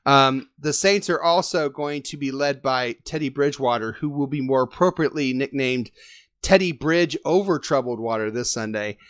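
A man's voice: medium pitch, moderate pace, a bit bright, clean tone, dry recording, studio quality. A man hosting a casual sports fan podcast, joking and teasing as he talks. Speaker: podcast host.

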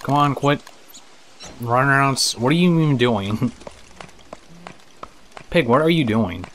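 A man's voice: medium pitch, animated, slow pace, a bit bright, a little hiss or hum. A man giving casual let's-play commentary, chatting to the characters on screen, laughing and swearing as he plays. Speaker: gameplay commentator.

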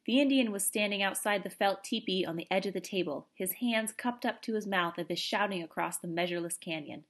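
A woman reading a children's novel aloud in an expressive, animated storytelling manner. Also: medium pitch, fairly quick. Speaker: audiobook reader.

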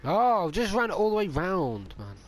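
A young man gaming with a friend, mostly grumbling, with sudden shouts of joy and lots of swearing. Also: sits high, sing-song, measured pace. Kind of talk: gaming banter.

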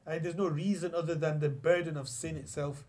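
A man's voice: fairly high pitch, fairly even intonation, brisk, a little mellow. Chatty male teacher giving a religious lesson. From England. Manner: storytelling, chatty, many restarts, quotes Arabic. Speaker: Islamic teacher. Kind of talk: classroom lesson on hadith.

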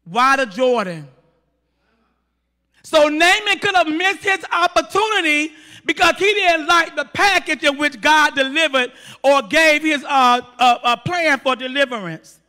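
Man preaching, very high voice, slow delivery, emphatic, long church hall reverb. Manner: emphatic, rhetorical questions, rising to shouts. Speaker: pastor. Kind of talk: sermon. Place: church sanctuary.

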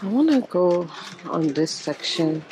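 A woman's voice: fairly low pitch, sing-song, a little slow, darkish tone, a little hiss or hum. A woman casually vlogging to her viewers while shopping in a large store, chatting and exclaiming often as she holds the camera. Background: background music.

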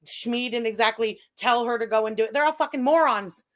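A woman's voice: on the high side, fairly quick. A woman hosting a livestream, reading chat messages aloud and mocking people with lots of swearing. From Quebec. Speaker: livestream host. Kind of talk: casual livestream commentary.

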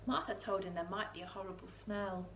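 A woman reading a children's picture book aloud in a church, expressive, with soaring questions and hushed lines. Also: medium pitch, a little fast, echoey room, a little hiss or hum. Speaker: storyteller.

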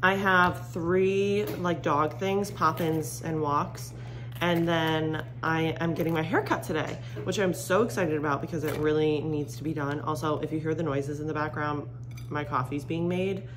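Young woman rambling to her phone cam at home, kinda low groggy morning voice, says like a lot, little hum in the back. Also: fairly even intonation, moderate pace. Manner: chatty, rambling, lots of "like" fillers. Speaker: vlogger. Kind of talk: casual vlog chat to camera. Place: home kitchen, coffee machine running.

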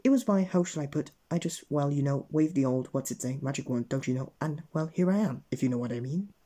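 A man's voice: on the high side, fast talker, mellow, close to an everyday voice. Man putting on a rambling wordy old wizard. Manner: rambling, hesitant, overly polite.

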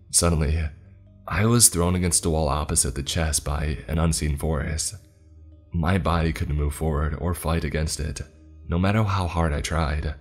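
A man with an exceptionally deep voice reads a horror story aloud in a measured, dramatic way. Soft music runs quietly underneath his narration. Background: faint music.

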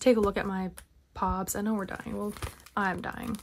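Excitable young woman gushing over a haul. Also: mid-range voice, moderate pace, gravelly, slight background noise. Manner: gushing, excitable, chatty fan with laughs and whispered asides. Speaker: K-pop collector vlogger. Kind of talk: casual unboxing haul vlog.

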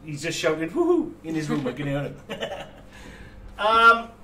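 This model-making livestream host has a fairly high, animated voice that sounds pushed and bright, and he talks a little slowly. He chats casually with lots of laughter, restarts, and fillers, recorded far from the mic in an echoey room with faint room noise.

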